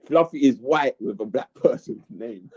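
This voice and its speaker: Guy on a livestream reading out chat, repeats himself, normal pitch, dry sound. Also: normal speed, a little mellow, breathy edge, dry recording. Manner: reads chat messages aloud, repeats lines, chatty. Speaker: live streamer. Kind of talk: casual live-stream chat.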